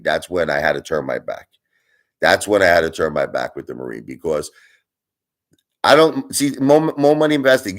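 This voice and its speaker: A man hosting his own channel, ranting at his viewers in a casual way, emphatic and argumentative, often asking "you understand?". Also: deep voice. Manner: argumentative, speeds up and slows down for emphasis. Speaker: channel host. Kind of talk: casual opinion rant to viewers.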